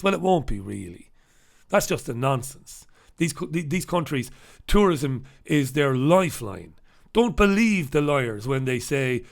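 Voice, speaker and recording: A man's voice: fairly high pitch, very animated, normal speed, gravelly, fairly bright tone. A man hosting a newspaper review, ranting in a sarcastic, profane, opinionated way. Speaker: host.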